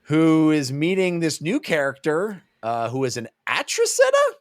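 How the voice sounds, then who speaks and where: A man's voice: a little high, huge pitch swings, moderate pace, dry recording, clean studio sound. A man co-hosting a casual book-club podcast, acting out characters' lines in goofy voices as he recaps. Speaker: podcast co-host.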